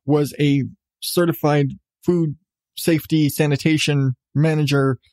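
Sweary sarcastic guy ranting on his solo podcast, kinda high voice, dead dry close mic. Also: little pitch movement, measured pace, a little mellow, dry recording. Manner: profane, sarcastic, laughs at himself. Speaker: podcast host. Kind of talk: casual solo podcast rant.

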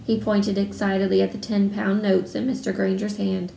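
A woman reading a children's novel aloud in a steady storytelling manner. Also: mid-range voice, normal speed, vocal fry, hardly any pauses. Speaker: readalong reader. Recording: roomy room, faint background noise.

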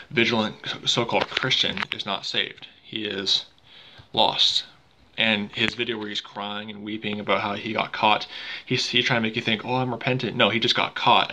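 A man's voice: lowish voice, bright, forceful tone, slight background noise, low-quality recording. A man hosting a commentary vlog, arguing dismissively and stumbling over repeated words. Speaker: channel host and commentator.

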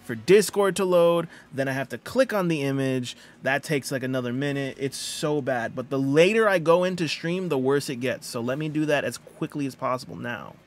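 A man's voice: medium pitch, moderate pace, few pauses. A man streaming a video game live, chatting casually and reading out viewer messages. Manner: chatty, greets viewers and reads chat aloud.

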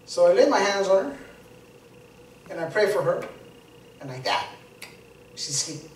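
Male preacher, lively swings in pitch, storytelling sermon, recorded in an echoey church from off-mic. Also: measured pace, slight background noise. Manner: conversational, repeats words while building to emphatic peaks. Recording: roomy church sound from a distance.

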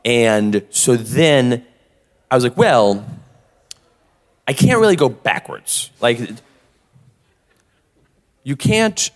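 A man telling a story on a live podcast, his pitch rising and falling all through. His voice carries a long, echoing reverb from a convention hall. He acts out both sides of every exchange he recounts. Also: animated, very slow, long pauses. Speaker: podcast co-host.

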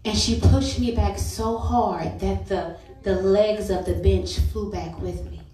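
A woman's voice: mid-range voice, fairly even intonation, measured pace, warm tone, faint music behind. A woman preaching a sermon and telling her own story in an earnest, personal way. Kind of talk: sermon testimony. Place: church sanctuary. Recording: roomy church sound from a distance.

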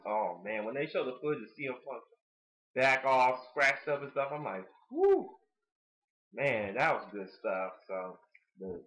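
A man giving a casual video review of a wrestling show, talking like an excitable fan with plenty of fillers and the odd swear word. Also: fairly high pitch, poor audio.

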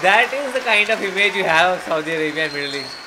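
A man's voice: sits high, animated, fast talker, a crowd in the background, background noise. A man from India hosting a reaction video, making short, exclaiming remarks. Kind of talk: casual reaction commentary.

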